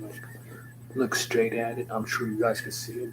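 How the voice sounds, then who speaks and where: Young man, vlogger, low monotone voice, meandering jokey talk, steady hum in background. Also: normal speed. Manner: meandering, joking, slangy, swears. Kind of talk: rambling stream-of-consciousness vlog.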